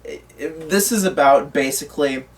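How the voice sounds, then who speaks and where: A man's voice: fairly high pitch, normal speed, recorded from a distance. A man co-hosting a casual movie news chat, rambling with lots of fillers and restarts. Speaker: co-host. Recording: voice from away from the mic.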